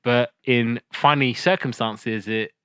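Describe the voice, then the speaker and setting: A man hosting a podcast in casual chat, animated and laughing often as he retells cartoon scenes. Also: medium pitch, slow, smooth. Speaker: podcast host.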